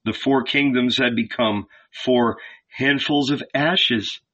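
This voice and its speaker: Slow, solemn male audiobook narrator. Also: mid-range voice, steady tone, fairly bright tone. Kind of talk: scripted narration. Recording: dull lo-fi recording.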